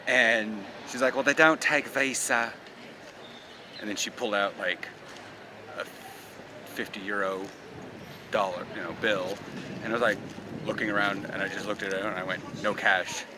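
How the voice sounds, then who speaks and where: A vlogger walks along a city street and through shops, filming himself on a handheld camera with no tripod and rambling casually through stories. His lowish voice is steady, at a normal speed, with frequent pauses and background noise.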